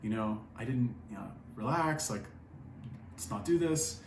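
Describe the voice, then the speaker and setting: A man's voice: medium pitch, expressive, a little slow, creaky, echoey room, distant mic, a little hiss or hum. A man voicing his reckless young friend backing off from a fight, in a raised, pleading voice.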